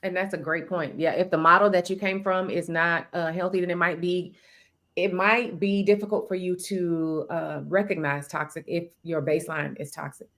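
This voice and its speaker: A woman's voice: fairly low pitch, fairly even intonation, normal speed, fairly bright tone. A woman co-hosting a casual talk on a video call, listening closely and murmuring agreement. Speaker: co-host. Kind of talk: casual conversation.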